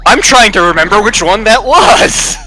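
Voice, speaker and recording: A man from Virginia co-hosting a game stream, chatting and rambling with quick jokes. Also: high-pitched, expressive, pushed and bright, faint music behind. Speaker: co-host. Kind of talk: casual chat while streaming a game.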